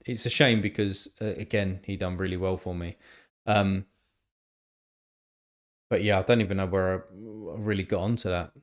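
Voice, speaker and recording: A man's voice: sits low, fairly even intonation, normal speed, long pauses. A man chatting casually on a live stream, rambling and thinking aloud with lots of fillers and the odd swear word.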